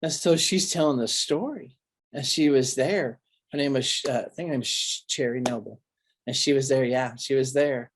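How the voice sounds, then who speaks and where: A male pastor telling stories in an interview, earnest and animated, often restarting his sentences. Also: mid-range voice, normal speed, a little hiss or hum. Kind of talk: recalled storytelling interview.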